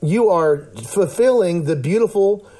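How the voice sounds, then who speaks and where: A man talks through ideas in an earnest, rambling way, restarting often. His voice sits a little high but has a mellow, warm colour. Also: animated, unhurried. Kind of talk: casual theological discussion.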